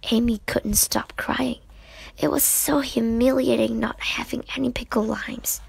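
A woman reading a children's book aloud in an unhurried way, with small slips. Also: on the high side, steady tone, vocal fry, slightly rough, no echo, whispered. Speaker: storybook reader.

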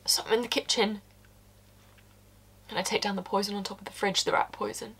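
A woman's voice: mid-range voice, steady tone, a little fast, gravelly, fairly bright tone, slightly rough, full character voice. An actress performing a stage monologue as a blunt, working-class woman who confesses to a killing, swearing and dropping into whispers.

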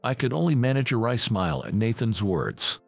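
A man narrates a scripted first-person story in an earnest tone. His voice has a gravelly grain and a lively rise and fall. It is recorded dry, with faint music underneath. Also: medium pitch, brisk, dry recording.

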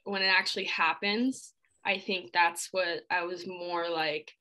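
A young woman athlete answering interview questions in a casual, relaxed way, with lots of "like" and "I mean," shivering a little after an ice bath. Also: lowish voice, a little slow, low-quality recording. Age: young adult. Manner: relaxed, filler-heavy speech, many "like"s.

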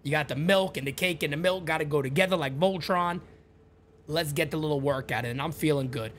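A middle-aged man hosting a live stream, chatting casually and calling out viewers' names with loud, high-pitched greetings. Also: brisk. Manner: animated, jumps high and loud when greeting viewers by name.

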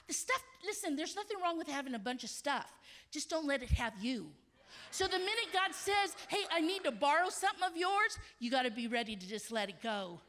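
A woman in her fifties giving an emphatic, animated conference sermon as a missionary speaker, at times dropping to hushed tones. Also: very high-pitched. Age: 50s. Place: stage of a large conference hall.

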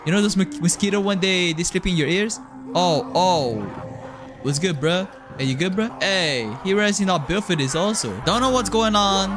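A man giving jokey, excitable commentary while playing a horror game, often yelping and screaming. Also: high-pitched, moderate pace, background noise. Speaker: gaming YouTuber.

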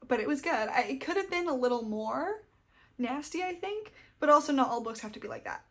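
A woman's voice: high voice, expressive, a little fast, fairly bright tone. A young adult woman chatting casually about books she read, gushing and fangirly. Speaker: book vlogger. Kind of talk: casual book wrap-up chat.

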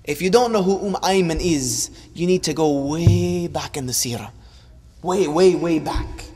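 A man's voice: fairly high pitch, a little slow, a little mellow, in a large hall. A man preaching a sermon in an impassioned voice that rises and falls, repeating lines for emphasis. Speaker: Islamic preacher. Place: large hall or mosque.

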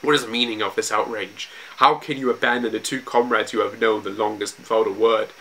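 A man's voice: on the low side, fairly even intonation, fairly quick, fairly bright tone, a little hiss or hum. A man reading the lines of a stern older samurai retainer in an indignant, formal way.

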